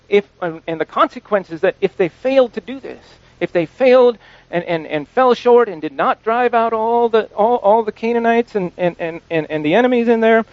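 A man preaching an informal sermon, halting often, repeating words and restarting, and slowing down to stress quoted scripture. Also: high voice, no room sound, lo-fi sound.

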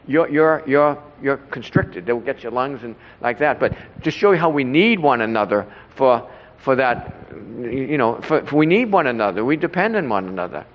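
A man shares a rambling story at an informal Bible study, often restarting and repeating himself. His voice sits fairly high. The recording carries a long hall echo and sounds dull and lo-fi. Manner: rambling, repeats himself, trips over words.

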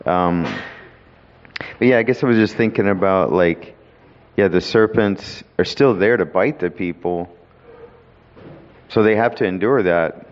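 A man thinking aloud at a Bible study, hesitant and full of pauses and ums. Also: deep voice. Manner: thoughtful, hesitant, many ums. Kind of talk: reflective Bible study discussion. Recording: echoey hall, dull lo-fi sound.

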